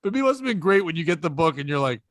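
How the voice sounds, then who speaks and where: A man with a fairly high voice jokes loosely as a podcast guest, chuckling through his asides. The sound is close and dry. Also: big pitch swings, very fast, fairly bright tone, dry recording. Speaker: comedian guest. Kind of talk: comedy podcast banter.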